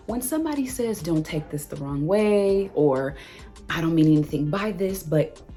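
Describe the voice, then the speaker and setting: A young woman vlogger telling a dating story in an animated, exasperated way, acting out the lines of both people. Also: lowish voice. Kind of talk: storytime vlog.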